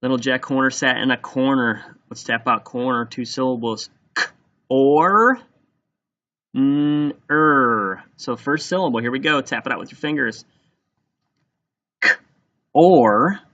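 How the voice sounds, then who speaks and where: A man teaching, dictating a spelling test and slowly sounding words out letter by letter. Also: medium pitch, steady tone, bright, forceful tone, highs cut off.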